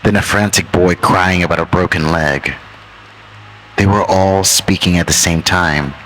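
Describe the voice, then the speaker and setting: A man narrating a horror story in a measured, ominous way, drawing out key phrases. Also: low-pitched, bright, forceful tone, a little hiss or hum, low-quality recording.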